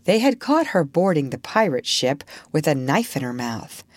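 A woman narrator reading a storybook aloud in a measured, expressive way. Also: sits low, no room sound.

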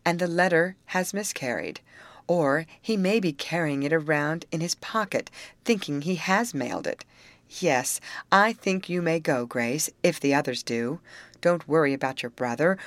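A woman reading a calm, reassuring father. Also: deep voice, moderate pace, no room sound, lightly acted. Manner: musing, reassuring. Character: kindly middle-aged father, calm and reassuring.

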